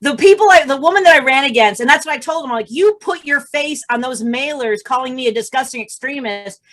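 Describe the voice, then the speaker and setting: A woman's voice: sits high, brisk, a bit bright. A woman comedian telling a story on a video call. She acts out the quotes and laughs often. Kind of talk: stand-up storytelling.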